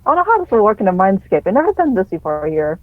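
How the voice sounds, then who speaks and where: A woman's voice: medium pitch, sing-song, rapid-fire, no room sound. A woman playing a tabletop game over voice chat, hesitant with many fillers, heard through muffled audio. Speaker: player. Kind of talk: casual play over voice chat. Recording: muffled phone-quality audio in a dry room.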